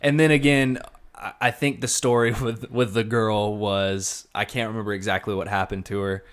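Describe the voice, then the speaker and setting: A man's voice: fairly low pitch, moderate pace, smooth. A man co-hosting a casual podcast, telling a long story and acting out the people in it. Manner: animated storyteller acting out quotes. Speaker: podcast co-host.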